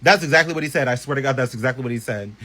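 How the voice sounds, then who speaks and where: A man telling a personal story in a casual storytime vlog, animated and profane, with many chatty asides. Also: medium pitch, racing.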